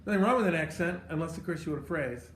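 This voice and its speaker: A man's voice: a little high, animated, fast, fairly bright tone, a little hiss or hum. A man teaching a conducting class, coaching a student with instructive, encouraging remarks and sung beats. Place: rehearsal room with a choir. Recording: roomy echo, music behind.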